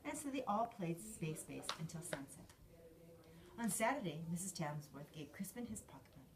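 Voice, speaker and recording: Lively woman reading a storybook aloud. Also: fairly low pitch, normal speed, a crowd in the background. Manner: lively, acts out each character. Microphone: filmed on a handheld camera.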